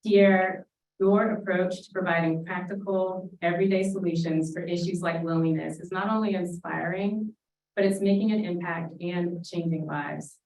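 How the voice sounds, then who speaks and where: A woman with a fairly low voice delivers a prepared introduction in a measured, formal tone. Her voice comes from a distance, with a strong roomy echo around it. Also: steady tone, a little mellow. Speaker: host introducing the speaker. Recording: roomy sound, mic at a distance.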